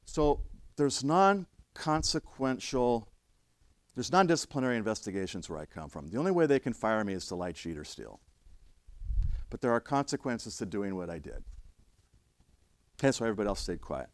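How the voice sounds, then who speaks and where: Brief: middle-aged male trainer, blunt and conversational, lively pitch, dry close sound. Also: moderate pace, long pauses, no echo. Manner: blunt, conversational, acts out quoted voices. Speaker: trainer of emergency responders. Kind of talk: classroom lecture with stories.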